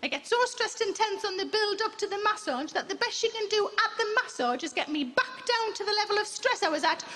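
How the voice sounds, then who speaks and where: A woman, telling stand-up stories in a deadpan way, with flat quoted voices, in a theatre with loud audience laughter. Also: extremely high pitch, brisk. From England. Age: 40s. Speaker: stand-up comedian. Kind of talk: stand-up routine. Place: large theatre stage. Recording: live theatre recording with loud crowd.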